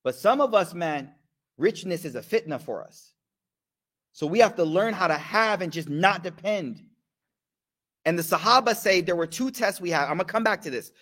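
This study-circle teacher's voice sits high with a sharp edge. His sermon is casual and slangy, punctuated by questions to the audience and recited religious phrases.

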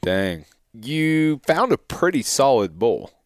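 A man's voice: medium pitch, sing-song, takes it slowly, dry recording, studio quality. A man hosting a podcast interview, asking questions and chiming in with short replies. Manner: prompting questions, short backchannels. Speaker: podcast host. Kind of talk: casual interview chat.

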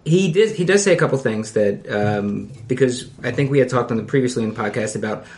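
A man hosting a podcast in casual chat, loose and quick to laugh as he steers the discussion. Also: medium pitch, expressive, darkish tone. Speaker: podcast host.

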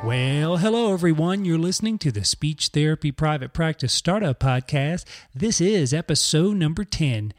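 Chatty male podcast host, fairly high voice. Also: expressive, normal speed, few pauses. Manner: chatty, conversational, acts out quoted voices. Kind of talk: casual storytelling monologue.

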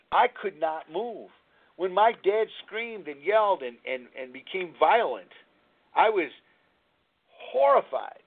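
Man in his sixties hosting live radio over a tinny line. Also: high voice. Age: 60s. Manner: candid, rambling storytelling with frequent restarts. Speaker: radio show host. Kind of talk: live radio talk on recovery. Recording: tinny phone-line sound.

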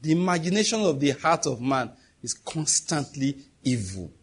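Guy preaching, kinda husky, slightly high voice, punchy rhetorical questions. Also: animated, normal speed. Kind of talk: sermon.

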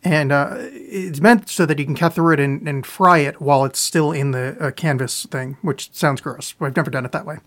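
A man's voice: on the high side, normal speed, few pauses, a bit bright. A man hosting a podcast live, answering listener questions in loose, profane, self-mocking chat, with a sore throat. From US East Coast. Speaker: podcast host. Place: home, live on video stream.

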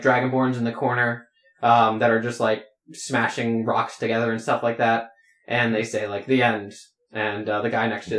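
A man's voice: medium pitch, a bit bright. A man running a tabletop game as game master, rambling with many fillers. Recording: roomy echo.

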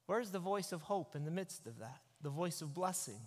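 A man, a pastor, giving an animated, conversational sermon into a microphone. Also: high-pitched, normal speed, few pauses. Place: church sanctuary. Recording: echoey church hall.

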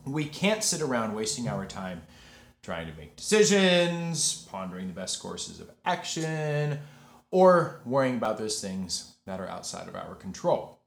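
A man hosting a podcast in casual chat, talkative and quick to laugh. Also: lowish voice, vocal fry, reverberant. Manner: chatty, laughs easily, lively delivery. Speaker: podcast host.

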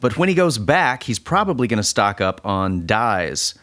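Low-voiced man laying out a theory. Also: normal speed. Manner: deadpan, explains a theory step by step. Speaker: podcast guest. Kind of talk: casual chat.

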